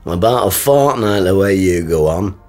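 A man's voice: low voice, animated, normal speed, a little mellow, faint music behind. An actor playing a dry-witted, grumbling northern English working-class father, with a northern accent. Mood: sardonic.

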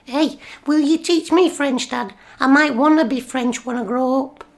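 A woman's voice: sits high, moderate pace. A woman playing a cheeky, eager young boy in a radio play. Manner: chirpy, eager, questioning.

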